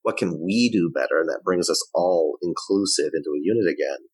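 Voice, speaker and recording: A man's voice: low voice, a little fast, darkish tone, husky, no echo, poor audio. A man, apparently a parenting coach, confidently explaining ideas with examples in conversation.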